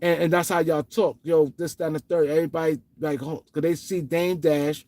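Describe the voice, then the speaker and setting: Man from Harlem with a New York accent, show host, loose slangy ramble, slightly higher voice. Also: little pitch movement, brisk, hardly any pauses, mellow, no room sound. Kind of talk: casual livestream commentary.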